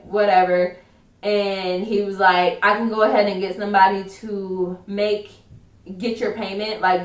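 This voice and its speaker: A chatty young woman recounts a story in casual story-time style, looping back over her points and acting out other people's lines. Her voice sits at a middle pitch and is picked up from a step back, with a roomy echo around it. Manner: chatty, repetitive, quotes others. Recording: roomy echo, distant from mic.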